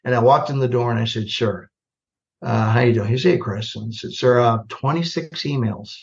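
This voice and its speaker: An older man from the United States spins stories with energy and a self-mocking humor, acting out both sides of old conversations. His pitch sits in the middle range for a man. The podcast audio is slightly muffled and lo-fi. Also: a little fast, gravelly. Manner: animated, self-deprecating, acts out dialogue. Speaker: podcast guest, retired army general. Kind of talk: storytelling in a podcast interview.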